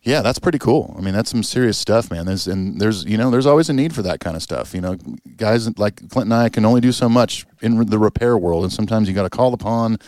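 A man's voice: lowish voice, quick pace, darkish tone, no room sound, clean studio sound. A man co-hosting a podcast in easygoing casual chat, reading listener emails and agreeing with his partner. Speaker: podcast co-host.

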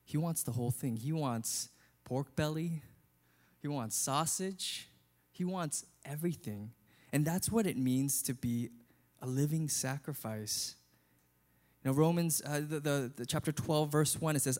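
Male pastor, conversational sermon delivery, mid-range pitch. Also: unhurried, a little mellow. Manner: earnest, conversational preaching.

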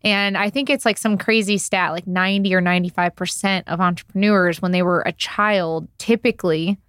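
A woman, an entrepreneur guest on a podcast, speaking in casual chat in an intense, candid way, often quick and swearing. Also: fairly low pitch, fairly even intonation, a bit bright, clean tone, no room sound, studio quality.

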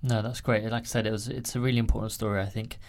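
A man's voice: fairly low pitch, little pitch movement, fast, darkish tone. A man hosting a podcast, asking long, earnest questions of his guest. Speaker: podcast host. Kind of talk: interview questions.

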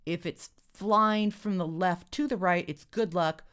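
A woman's voice: on the low side, measured pace, a bit bright, clean tone, voice pushed up. A woman voicing a bickering young man who lectures like a know-it-all and keeps correcting himself.

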